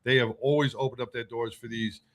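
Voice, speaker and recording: A man hosting a casual panel chat, talking in a halting way with frequent restarts and stammers. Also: medium pitch, steady tone, slight background noise. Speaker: host.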